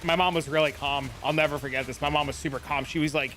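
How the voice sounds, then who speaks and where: A man's voice: a little high, little pitch movement, a little fast, hardly any pauses, sharp tone, soft background music. A man streaming, telling rambling, profane stories in casual chat. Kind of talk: casual storytelling.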